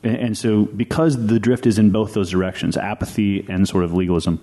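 A man with a fairly low, mellow voice talks through church ideas on a podcast. He is earnest and explanatory and often restarts his sentences as he thinks aloud. The tone stays casual and conversational. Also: fairly even intonation, fairly quick. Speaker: pastor and podcast co-host.

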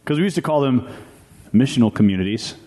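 A man's voice: mid-range voice, lively intonation, fast, dark tone. A man who is a pastor and podcast co-host, explaining ideas earnestly in a casual discussion and thinking aloud with frequent restarts.

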